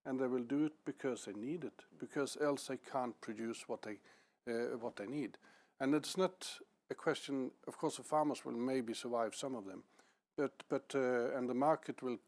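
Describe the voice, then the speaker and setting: A man speaking on a panel for farmers and cooperatives, halting and often restarting or repeating his words. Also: mid-range voice, a little mellow. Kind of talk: panel discussion.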